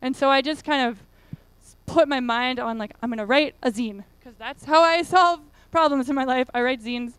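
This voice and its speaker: A high-pitched woman gives a relaxed talk to a conference crowd. She rambles in a friendly way, stacking fillers as she goes. Her voice comes through crisp and clean with almost no room sound. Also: normal speed, dry recording. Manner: chatty, many fillers and "like"s. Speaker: conference speaker.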